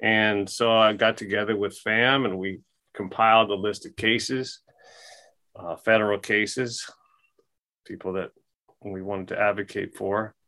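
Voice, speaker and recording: Man guest, low voice, rambling casual anecdote, lots of ums and restarts. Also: steady tone, a little slow, sharp tone. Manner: rambling, many fillers and restarts. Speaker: podcast guest. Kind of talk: casual storytelling.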